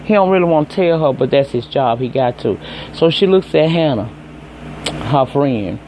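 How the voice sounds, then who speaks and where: A man's voice: medium pitch, animated, moderate pace, a little mellow, slight background noise. Chatty Southern man recapping a TV episode. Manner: chatty, profane and emphatic, talks straight to viewers. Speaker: TV episode reviewer. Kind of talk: casual recap and commentary.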